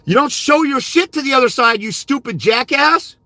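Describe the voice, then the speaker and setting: Blunt, berating high-voiced man. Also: expressive, moderate pace, pushed and bright, dry recording. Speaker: fathers' rights consultant. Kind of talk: ranting livestream monologue.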